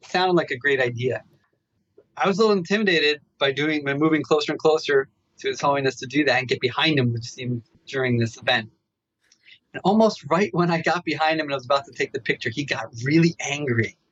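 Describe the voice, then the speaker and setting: A man telling a story as a meditation researcher guest in a podcast interview. He talks in an animated way and keeps tagging his asides with "right?". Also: fairly high pitch, brisk, dry recording, dull audio.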